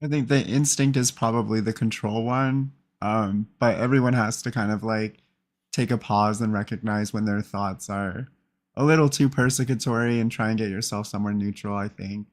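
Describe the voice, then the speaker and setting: A man's voice: fairly low pitch, fairly even intonation, moderate pace. A male panelist on a casual podcast, giving thoughtful, hedged opinions. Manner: thoughtful, hedging with "I think".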